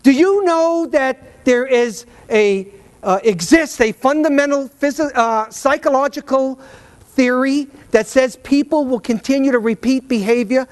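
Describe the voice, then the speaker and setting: A man giving a motivational talk to a live audience from a stage, an animated storyteller who often stammers and repeats words. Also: very high voice, measured pace. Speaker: keynote speaker. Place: event stage.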